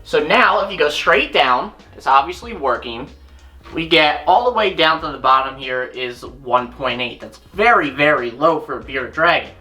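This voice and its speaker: A woman's voice: low voice, animated, normal speed, sharp tone. A woman hosting her own channel, casually demonstrating and thinking aloud as she goes, often correcting herself. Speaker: reptile keeper and channel host.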